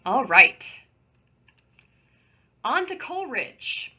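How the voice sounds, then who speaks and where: A woman's voice: medium pitch, lively intonation, normal speed, pushed and bright, breathy edge, highs cut off. A woman teacher giving a recorded remote English lesson, explaining patiently in a conversational way with small asides, recorded at home on a computer microphone. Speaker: high school English teacher.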